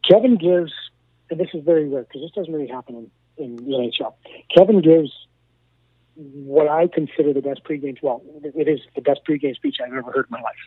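Man, former coach, animated storyteller, repeats himself, somewhat high voice, tinny phone line. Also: brisk, breathy edge, no echo. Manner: animated storyteller, repeats words, acts out quoted dialogue. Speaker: former hockey assistant coach, now broadcaster. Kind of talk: radio interview storytelling.

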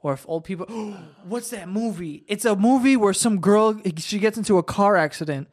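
A man on a podcast rambles through excitable stories in relaxed, casual chat. He restarts his sentences often and drops swear words as he gets worked up. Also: high voice, normal speed. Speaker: podcast co-host.

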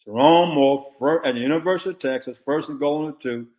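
Older man, ex-football coach, blunt and fired up, slightly high voice for a guy, talk podcast. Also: quick pace. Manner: animated, blunt and opinionated. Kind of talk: casual sports talk.

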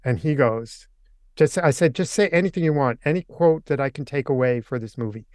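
An older man tells his story as a podcast guest, jumping into the voices of the people he quotes. His voice is smooth and resonant at a middle pitch. The sound is dry and close. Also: fairly quick, no echo. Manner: animated anecdote teller, acts out quotes. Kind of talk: casual storytelling.

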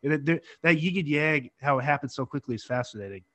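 Male interview host, a touch high-pitched, thinks aloud and circles back casually. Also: fast talker, bright, forceful tone. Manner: reflective, rambling with restarts. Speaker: podcast host.

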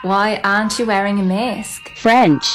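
A woman's voice: mid-range voice, fairly even intonation, normal speed, faint music behind. A woman in a comedic sketch clip who repeats one line while switching through a series of imitated accents.

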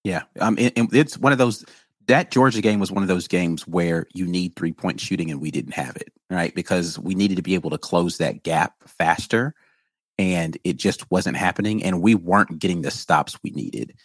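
Deep, husky man on a podcast. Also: moderate pace, no room sound. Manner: opinionated, stumbles and restarts words. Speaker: podcast co-host. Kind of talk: casual sports podcast chat.

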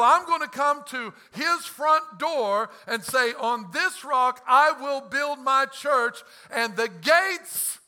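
This impassioned preacher has a high, very bright, cutting voice. His sermon moves from near-shouted proclamations to quiet, hushed explanations, and he plays out quoted lines with laughter.

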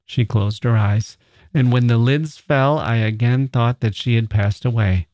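A man reading a nineteenth-century story aloud as a podcast host, in a measured, deliberate manner. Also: mid-range voice, darkish tone, no echo.

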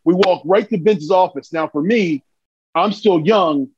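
A man telling stories as a podcast guest in a casual, animated, excitable way. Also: high-pitched, a little slow, slightly rough, lo-fi sound. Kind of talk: casual storytelling.

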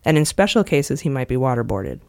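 A woman's voice: a bass voice, sing-song, brisk, darkish tone, no echo. Woman podcast host, earnest storyteller, dry close mic. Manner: earnest storyteller, emotional at times. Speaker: podcast host recounting a book. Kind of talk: casual podcast chat, reading passages aloud.

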